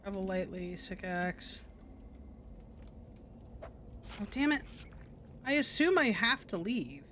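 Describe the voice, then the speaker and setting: A woman's voice: mid-range voice, lively intonation, slow, a bit bright, a little hiss or hum. A woman streamer giving casual, dry and sarcastic commentary while playing a game.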